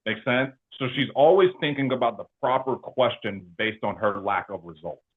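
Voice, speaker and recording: A man's voice: mid-range voice, moderate pace, slightly rough. Man on a tinny call line, coaching. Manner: coaching tone, checks in with "okay?" and "makes sense?". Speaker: insurance agency owner. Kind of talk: interview guest.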